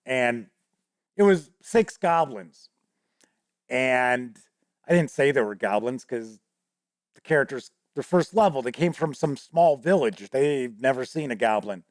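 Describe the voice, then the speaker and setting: A man's voice: mid-range voice, lively intonation, a little slow, dry recording, studio quality. A man hosting a show, casually telling a rambling story from his tabletop game with many restarts. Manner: rambling, many restarts, acts out players' voices. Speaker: host.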